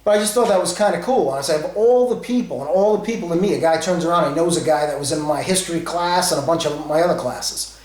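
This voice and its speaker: A man's voice: on the high side, quick pace, reverberant, a crowd in the background, low-quality recording. A man from Rhode Island in his forties with a New England accent, telling a rambling story full of asides. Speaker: vlogger. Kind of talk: casual storytelling.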